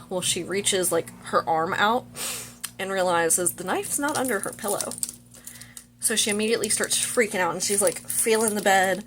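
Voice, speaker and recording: A woman's voice: medium pitch, normal speed, fairly bright tone. A young woman vlogger casually retelling a movie plot, chatty and full of fillers.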